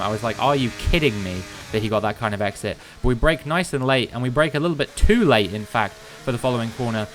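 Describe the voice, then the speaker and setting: A man narrating and commenting over his own racing gameplay, steady play-by-play that breaks into exasperated, animated outbursts. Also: mid-range voice, background noise. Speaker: gaming commentator.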